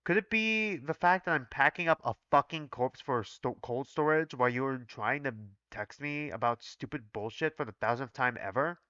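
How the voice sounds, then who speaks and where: A man's voice: medium pitch, moderate pace, few pauses, pushed and bright, clean tone, no echo, muffled recording, close to an everyday voice. A man voicing an irritable, overworked male staff doctor who talks curtly and swears. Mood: irritated. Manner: curt, swearing, exasperated.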